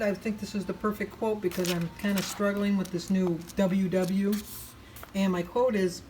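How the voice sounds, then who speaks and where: A woman's voice: medium pitch, a little mellow, slight background noise. A woman vlogger talking casually to her viewers in a rambling, chatty way. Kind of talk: casual vlog chat.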